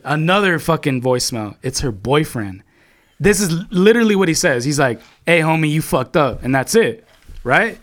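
A man's voice: on the high side, sing-song, normal speed. A young man telling a long story to his friends in casual chat, rambling and swearing, with lots of filler words.

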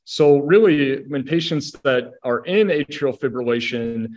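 A man, an assistant medical director, explaining heart rhythm treatment in an educational podcast discussion, steady and methodical with frequent "you know" fillers. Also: medium pitch, measured pace.

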